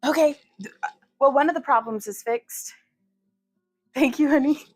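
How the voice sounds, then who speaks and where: A woman's voice: high-pitched, unhurried, a little mellow, no echo, faint music behind. A woman hosting a casual livestream, chatty and giggly, often laughing at herself. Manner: giggly, chatty, self-deprecating. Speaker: livestream host.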